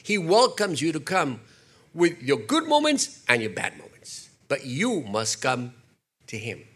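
An older man preaching a sermon, animated, slipping into acted quotes and jokey asides. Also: mid-range voice, unhurried, slightly rough. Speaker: pastor.

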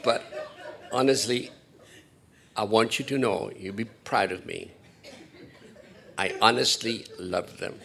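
A man preaching a Sunday sermon as pastor, rambling and self-deprecating, swinging between hushed asides and loud emphatic lines. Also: on the low side, slow, creaky, long pauses.

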